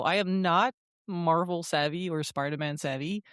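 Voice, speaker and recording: Lower-voiced woman chatting. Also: normal speed, clear, resonant tone, dry recording, studio quality. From French Canada. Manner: chatty and animated, with many fillers. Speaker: podcast co-host. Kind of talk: casual podcast chat.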